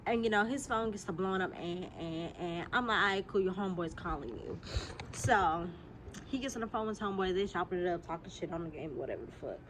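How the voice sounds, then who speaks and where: A young woman speaks, spilling a story to her viewers in a casual vlog. Her delivery is animated and full of cursing, and she sounds a little under the weather. She is recorded outdoors on a phone camera, with faint noise behind her. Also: lowish voice, quick pace. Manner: animated, profane, talks straight to viewers. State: slightly sick, clears throat. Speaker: vlogger.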